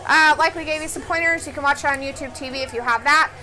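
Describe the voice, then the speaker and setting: A woman's voice: sits high, steady tone, fast talker, sharp tone, rough recording. A woman co-hosting a casual live stream, chatty and giggly, reading out viewer comments between laughs. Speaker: co-host.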